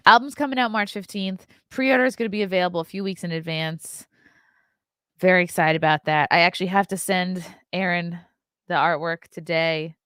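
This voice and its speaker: A woman's voice: on the low side, a bit bright, smooth, dry recording, clean studio sound. A woman hosting a casual morning livestream, chatting loosely with her viewers and yawning now and then. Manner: chatty, keeps yawning and laughing. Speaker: podcast host.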